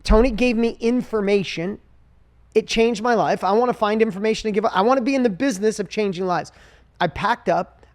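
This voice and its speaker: A man in his forties from upstate New York hosting a podcast, telling his own story in an earnest, quick way. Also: sits high. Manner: earnest, fast personal storytelling. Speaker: podcast host. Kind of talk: conversational interview.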